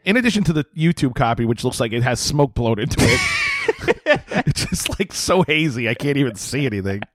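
Podcast co-host, man, animated and fairly high, dry close sound, sarcastic. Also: moderate pace, no echo. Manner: sarcastic, profane, laughs often. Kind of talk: casual movie-review chat.

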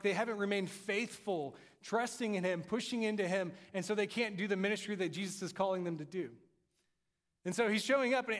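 Man preaching in an echoing hall. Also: sits high. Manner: conversational, animated storytelling with laughs. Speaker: pastor. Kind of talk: sermon. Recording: long reverb of a hall.

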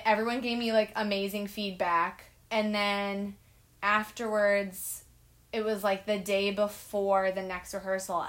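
Young woman, middle voice, heartfelt and self-mocking, chatting on a video call. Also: medium pitch. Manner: emotional, earnest, self-deprecating. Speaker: guest, writer and director. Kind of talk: casual video-call chat. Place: at home.

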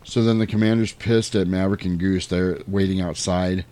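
Low-pitched male co-host, loose and chatty, retells scenes with playful quoted voices. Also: steady tone, moderate pace, mellow. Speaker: podcast co-host recapping a film. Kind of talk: casual chat.

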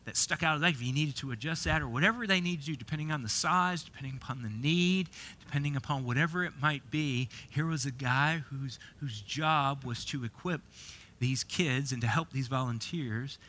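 A man's voice: medium pitch, fairly quick, sharp tone, slight background noise. A middle-aged man preaching a sermon as pastor, telling a story and often repeating and restarting words.

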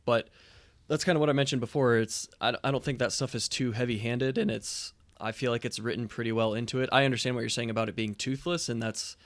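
Measured lower-voiced man chatting. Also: fairly bright tone, no room sound. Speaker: podcast co-host. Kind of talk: casual chat.

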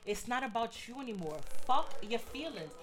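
A woman's voice: fairly high pitch, animated, moderate pace, noisy background. Blunt, slangy woman giving advice. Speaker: podcast co-host. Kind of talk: casual chat.

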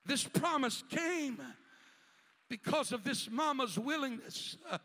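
A man pastor preaching a sermon with emphatic, rising delivery that often breaks into shouts, with a steady stream of "uh" fillers between phrases. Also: very high-pitched, slow pace. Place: church sanctuary. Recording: long reverb of a large church hall.

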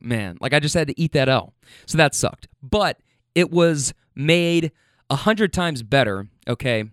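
A rideshare driver tells viewers about his riders in a casual, animated way, repeating himself and swearing freely. His voice is a little high, recorded at studio quality with no echo.

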